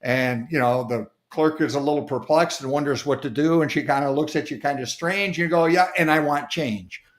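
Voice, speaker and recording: A man's voice: a little high, brisk. A man speaking as a guest author on a video call, explaining ideas through folksy, homely examples. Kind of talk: casual explanatory talk.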